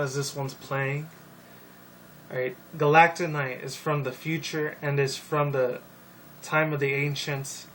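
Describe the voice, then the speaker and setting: A young man rambles through casual video commentary, swearing freely and stalling on ums and likes. His voice sits a little high. He sounds set back from the microphone, with faint noise underneath. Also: fairly bright tone. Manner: profane, rambling, many fillers. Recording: distant mic with faint noise.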